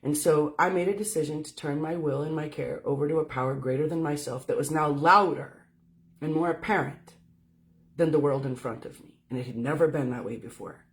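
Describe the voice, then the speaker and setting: A woman's voice: low voice, fairly quick. A woman giving a casual livestream talk as a spiritual speaker. She talks candidly and swears freely as she tells her story. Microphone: phone.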